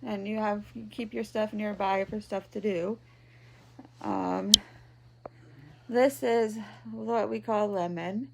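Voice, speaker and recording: This vlogger and patient, a woman in her thirties, speaks in a steady, medium-pitched voice while filming a personal diary from her bed at home, with noise in the background. Gravelly and fry-laden, her speech comes slowly and tearfully, halting with frequent ums and pauses.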